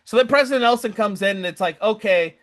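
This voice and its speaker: Animated man ranting on a podcast. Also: sits high, quick pace. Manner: animated, acts out other people's lines in quoted voices. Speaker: podcast co-host. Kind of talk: casual podcast rant.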